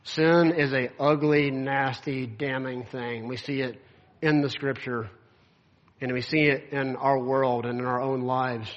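A pastor reads scripture aloud and explains it in a casual, conversational sermon packed with filler words. His mid-range voice is unhurried with fairly even intonation, and the audio sounds dull.

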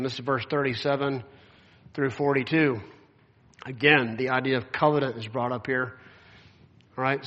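Male preacher, mid pitch, easygoing conversational delivery, scripture readings, slightly dull recording. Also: a bit bright. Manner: casual, conversational, with many "like" fillers. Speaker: pastor.

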